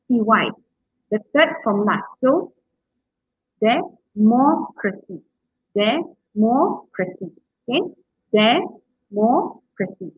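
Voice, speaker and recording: A woman lecturing at university level, a little high in pitch, with a husky grain to her voice. She keeps checking in with "okay?" and sounds words out slowly to show where the stress falls. The recording is muffled and close, with no room sound. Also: no room sound. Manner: frequent checking "okay?" and "right?", models words aloud with exaggerated stress. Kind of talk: university lecture on public speaking.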